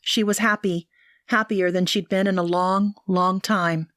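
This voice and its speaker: A woman narrating an audiobook in an even, measured way. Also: medium pitch, no echo, clean studio sound.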